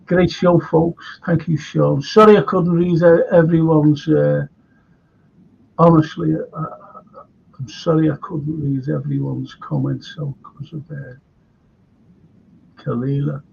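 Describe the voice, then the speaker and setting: Older scouse guy hosting a chat show, gravelly, rambly, kinda tired, dull lo-fi sound. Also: on the high side, little pitch movement, slow, long pauses, darkish tone. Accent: Liverpool. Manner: rambling, chatty, with frequent restarts. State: tired from lack of sleep. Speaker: host. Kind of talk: casual chat. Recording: dull lo-fi sound with faint noise.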